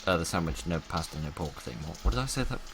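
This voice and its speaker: A deep-voiced man talks through a game in a wry, rambling patter, muttering to himself as he works out each step. Noise sits clearly behind his voice. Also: expressive, quick pace. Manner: wry, chatty, talks to himself while playing. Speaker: gaming YouTuber. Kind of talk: casual let's-play commentary.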